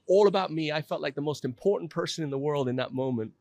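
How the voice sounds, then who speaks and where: Earnest storytelling man, slightly high voice. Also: quick pace, hardly any pauses, a little mellow, no room sound. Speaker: guest. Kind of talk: personal storytelling in a podcast interview.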